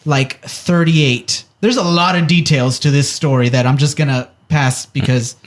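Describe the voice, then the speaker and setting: A man's voice: medium pitch, steady tone, measured pace. A man co-hosting a podcast, telling a story in casual chat and acting out the quotes with animation. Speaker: podcast co-host.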